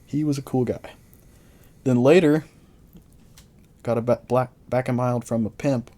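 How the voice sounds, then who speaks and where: A man's voice: mid-range voice, steady tone, measured pace, warm tone. A young man in casual podcast chat, telling rambling stories full of slang. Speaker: podcast co-host.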